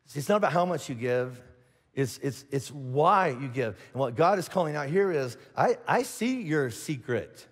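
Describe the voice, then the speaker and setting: A middle-aged man from Indiana preaches to a large church, jumping into little acted-out voices as he tells his stories and often restarting his sentences. His voice sits high for a man, and it rings with the long reverb of a big auditorium. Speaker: pastor. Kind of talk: sermon.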